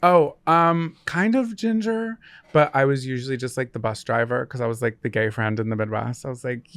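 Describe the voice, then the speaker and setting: A man co-hosting a podcast, rambling in a relaxed, casual way. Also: medium pitch, normal speed, clean tone, no room sound. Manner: relaxed, rambling, hesitant restarts. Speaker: podcast co-host.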